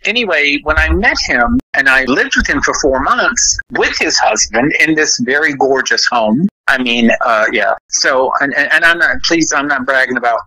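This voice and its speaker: A man in his fifties telling stories in a casual podcast chat, sassy and animated, with many restarts. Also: mid-range voice, moderate pace, hardly any pauses, rough recording. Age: 50s. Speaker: podcast guest. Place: Florida.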